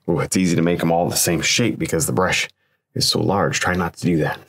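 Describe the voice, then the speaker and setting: A man's voice: sits low, steady tone, brisk, a bit bright, husky, dry recording. A man demonstrating oil painting, talking casually and thinking aloud as he works, encouraging the viewer. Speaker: painting instructor.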